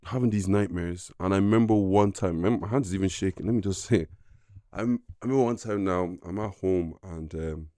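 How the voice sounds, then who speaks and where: A young man, a podcast guest, telling a personal faith story in an earnest, halting way with many fillers. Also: low voice, warm tone, no room sound, clean studio sound. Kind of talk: casual personal testimony.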